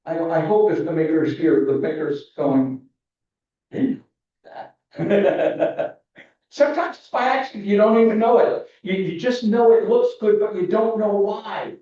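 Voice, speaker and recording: A man's voice: high-pitched, normal speed. A man judging entries in a photography competition over a video call, explaining with enthusiasm and frequent restarts. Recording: echoey, distant, muffled video call audio.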